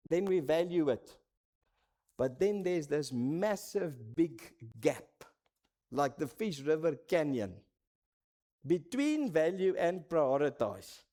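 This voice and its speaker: High-voiced Namibian pastor telling stories. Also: male voice. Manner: storytelling, swinging between dramatic highs and hushed lows. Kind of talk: sermon.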